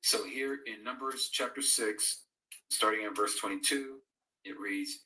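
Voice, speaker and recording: A man's voice: lowish voice, measured pace, pushed and bright, recorded from a distance. A man hosting a live-streamed Bible fellowship, chatting casually, reading out and answering viewers' comments, and reading scripture aloud. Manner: reads out viewers' comments and answers them conversationally. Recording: echoey room, voice away from the mic.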